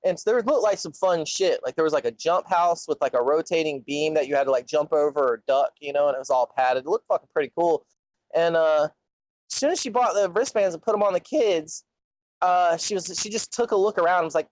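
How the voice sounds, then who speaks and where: A man's voice: on the high side, a little fast, no room sound, rough recording. A young man telling a long story in casual chat, rambling and swearing constantly. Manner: profane, rambling, animated storyteller.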